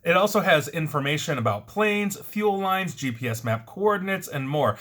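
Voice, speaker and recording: Male host, bright forceful voice, brisk news roundup with chatty asides. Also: on the high side, lively intonation.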